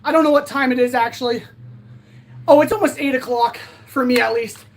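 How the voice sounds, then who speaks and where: A high-pitched woman winds down a casual livestream, rambling and earnest as she thanks her viewers. She sounds tired and a little out of breath, and her bright voice stays light even as it sags with exhaustion. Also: fairly quick. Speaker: livestream host. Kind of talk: casual livestream sign-off chat.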